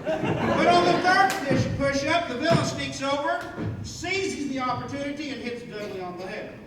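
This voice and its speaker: A woman's voice: high voice, animated, normal speed, very noisy. A woman narrating a comedy skit and directing the actors, with playful asides to the audience, heard from far off in a hall with a crowd. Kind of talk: reading a skit script aloud and directing actors. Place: large hall with a live audience.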